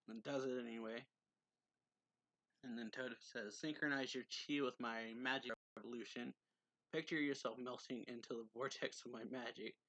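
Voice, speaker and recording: A man's voice: medium pitch, a bit bright, no room sound. A man recapping a manga chapter in a casual way, reading characters' lines aloud with a slight lift and laughing often. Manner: reads quotes in a slightly raised voice, laughs often. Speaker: manga reviewer.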